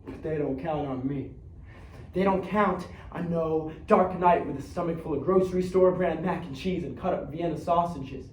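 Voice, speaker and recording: A man's voice: a little high, moderate pace, darkish tone, slight background noise, lightly acted. An actor on a theater stage playing a streetwise young man who believes he is Batman, talking in slang and acting out fights with sound effects. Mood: brooding. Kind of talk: theatrical monologue. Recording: echoey stage recorded from far off.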